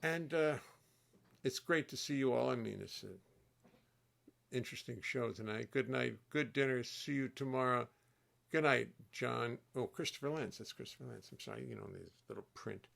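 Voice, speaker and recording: This is an older man hosting a relaxed livestream from his home studio. His voice has a gravelly, fry-edged texture, and he rambles warmly from one story to the next. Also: medium pitch, moderate pace. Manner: rambling, chatty, warm-hearted storytelling. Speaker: host and bassist. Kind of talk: casual livestream chat.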